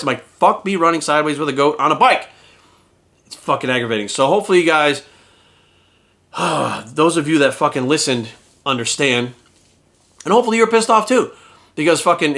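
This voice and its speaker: Middle-aged fitness coach guy ranting, high voice, talks super fast, swears constantly. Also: fairly bright tone. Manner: heated, profane, ranting. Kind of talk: angry ranting vlog.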